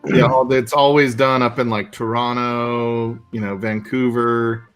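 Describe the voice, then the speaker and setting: A man's voice: mid-range voice, little pitch movement, unhurried, clean tone, faint music behind. A man from the United States chatting casually as co-host, laid-back with casual swearing. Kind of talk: casual chat.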